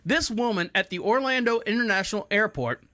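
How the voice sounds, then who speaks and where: A high-pitched man in his forties hosts a podcast, talking a little fast in studio-quality sound free of room noise. His casual chat is full of animated stories in which he acts out the people being quoted.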